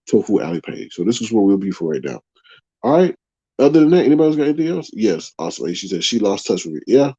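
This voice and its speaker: A man hosting a live online stream, talking casually to his viewers, reading their chat comments aloud and giving his take in an animated way. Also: on the low side, dry recording. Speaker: YouTube livestream host. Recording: dull, dry lo-fi stream audio.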